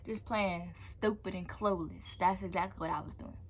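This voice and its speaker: Animated young woman telling a storytime. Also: lowish voice, moderate pace, slightly rough. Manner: animated, slangy storytelling with "blah, blah" asides. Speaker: vlogger. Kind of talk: storytime vlog.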